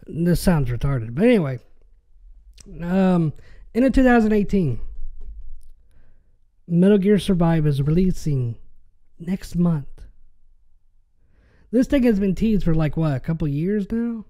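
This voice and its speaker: A man's voice: high-pitched, lively intonation, takes it slowly, pauses often, warm tone. A young man hosting a podcast, ranting in an exasperated way, swearing and tripping over his words. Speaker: podcast host.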